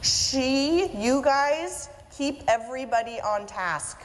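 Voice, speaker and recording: A woman's voice: high voice, animated, slow. A woman giving a humorous conference talk to an audience, chatty and self-mocking. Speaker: keynote speaker and author. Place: event hall with audience. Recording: reverberant hall, faint room noise.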